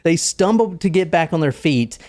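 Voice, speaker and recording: A man's voice: a little high, lively intonation, normal speed, a little mellow, no echo, clean studio sound. A young man hosting a podcast, telling a true crime story casually, joking and swearing. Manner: joking, swearing, laughs often. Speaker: podcast host.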